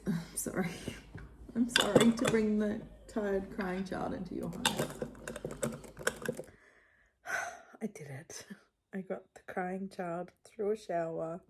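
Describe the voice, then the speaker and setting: A woman's voice: medium pitch, gravelly, heavy background noise. A woman in her thirties chatting casually to camera as a vlogger, rambling along with frequent little laughs. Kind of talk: casual vlog chat.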